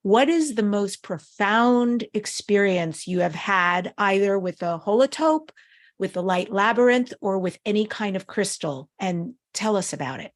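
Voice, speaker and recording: A woman of medium pitch hosts a podcast interview, asking curious questions and encouraging her guest. Her voice sits in the middle range for a woman and comes across as clean and direct. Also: animated, a little slow. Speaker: podcast host. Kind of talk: interview conversation.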